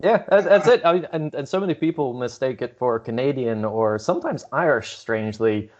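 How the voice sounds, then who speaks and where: A man's voice: medium pitch, expressive, brisk. A man who grew up in Scotland, talking as a guest speaker in a casual, chatty way and laughing often. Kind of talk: casual chat. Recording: dull lo-fi sound.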